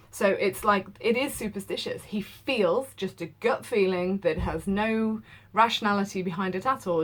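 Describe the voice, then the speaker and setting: A woman teaching literature, reading a novel aloud and explaining it casually, asking listeners to highlight key passages.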